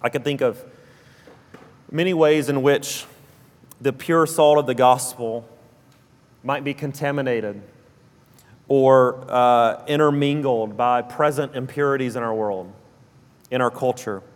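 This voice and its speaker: A man with a South Alabama drawl delivers a sermon at a mid pitch, earnest and steady. He circles back to key phrases for emphasis. His voice carries a long reverb from a large church sanctuary. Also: measured pace, long pauses. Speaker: pastor.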